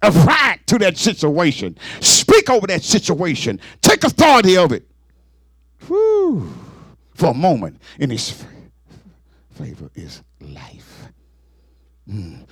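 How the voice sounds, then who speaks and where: A man a sermon in a whooping, sing-song style, with sudden exclamations and rapid repeated words. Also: high-pitched, wildly swooping pitch, a bit bright, breathy edge, no echo, studio quality. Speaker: preacher.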